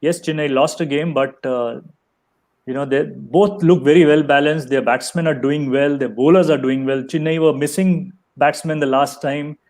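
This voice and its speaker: A man on a cricket panel giving a measured take, leaning on "you know" as he talks. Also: on the high side, fairly even intonation, a little mellow. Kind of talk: casual cricket chat.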